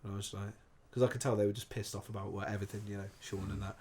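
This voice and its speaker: A man's voice: lowish voice, rapid-fire, a little hiss or hum. Sweary storytelling English man. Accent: Bristol English. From England. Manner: sweary, animated, acts out quoted voices. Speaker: DJ guest. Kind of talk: casual chat, storytelling anecdote.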